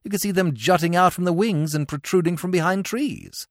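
A man narrating comic fiction for an audiobook, expressive and lively. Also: high-pitched, fairly quick, dry recording. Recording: dry close studio sound.

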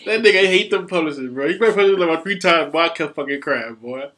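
A man co-hosting a casual, profane chat, laughing loudly and often. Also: a little high, quick pace.

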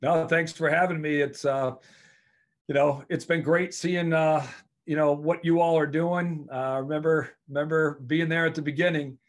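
A man's voice: fairly high pitch, fairly even intonation, normal speed. A man who is a college lacrosse coach, talking earnestly as a podcast guest and often repeating words as he works out his thoughts. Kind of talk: casual interview talk.

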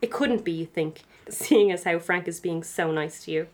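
A woman's voice: lowish voice, normal speed, a little mellow. A young woman, reading her old fan fiction aloud on a comedy podcast, giggling and poking fun at herself between passages. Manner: giggly, self-mocking, laughing through the reading. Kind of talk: reading aloud with comic asides.

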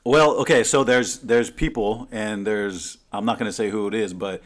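Speaking at normal speed in a lowish voice, this podcast co-host tells stories in a rambling, animated way, restarting often and using lots of fillers. It's casual chat recorded on a remote call mic during a remote call.

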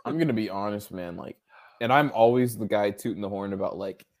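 A male podcast co-host in casual chat, animated and ranting, swearing freely. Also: fairly low pitch, fairly quick.

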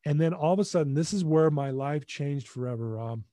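A man telling a personal story as a podcast guest, in an emphatic, animated way. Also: a little high, a little fast, no room sound, studio quality.

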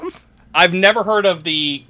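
Man reading questions aloud in casual chat, bright tone, dry close sound. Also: sits high, a little slow, no echo. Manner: reads odd questions aloud, then chats about them.

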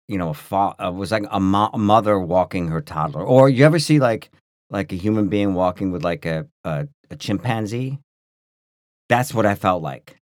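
Deep-voiced man telling a rambling story. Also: no echo, studio quality. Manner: rambling, full of restarts and "like", animated. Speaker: podcast co-host. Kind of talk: casual storytelling chat.

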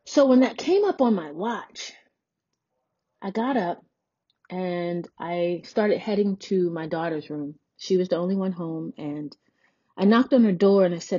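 A woman in her forties hosts her own podcast and tells a personal story in a candid, chatty way, slipping into the voices of the people she quotes. Her voice is mellow and a little husky. The recording is dry and somewhat dull, like lo-fi audio. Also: fairly low pitch, measured pace, dry recording. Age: 40s. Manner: candid, conversational, acts out quoted dialogue. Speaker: podcast host.

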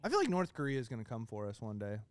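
A playful young man on a comedy podcast, swinging his pitch around as he jumps into bits. His voice sits a little high and sounds dry and close, with no room around it. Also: huge pitch swings, rapid-fire, clear, resonant tone, no room sound. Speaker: podcast co-host. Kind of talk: casual comedic chat.

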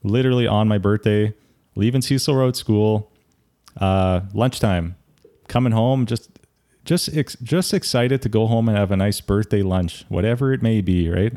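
A young man chatting casually with a friend, telling a story with lively detail and frequent laughter. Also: lowish voice, moderate pace. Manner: animated storyteller, laughs often.

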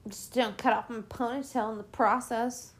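A woman's voice: on the high side, steady tone, normal speed, a little hiss or hum. A woman podcast host giving casual movie commentary, swearing a lot and ranting in an exasperated, sarcastic way.

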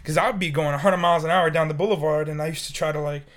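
A man's voice: a little high, fairly even intonation, rapid-fire, fairly bright tone. A sick young man co-hosting a podcast, rambling in casual, profane chat and laughing often. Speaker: podcast co-host.

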